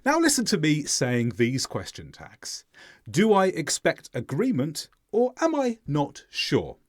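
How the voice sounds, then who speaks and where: A man gives a scripted English lesson, his pitch swinging widely as he marks the stress in each example. His voice sits a little high for a man. The sound is close and dry, with no room around it. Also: wildly swooping pitch, no room sound. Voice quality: clear, deliberate teaching voice with exaggerated intonation in examples. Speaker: English teacher.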